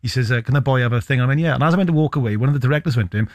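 A man hosting a casual chat show and telling animated anecdotes. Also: mid-range voice, very fast, no room sound, clean studio sound. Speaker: host.

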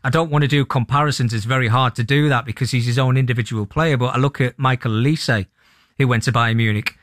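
A man speaking as a football pundit on radio, thoughtful and halting, with frequent restarts. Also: medium pitch, fairly even intonation, no echo, studio quality. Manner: thoughtful, many restarts and ums. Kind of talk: sports radio discussion.

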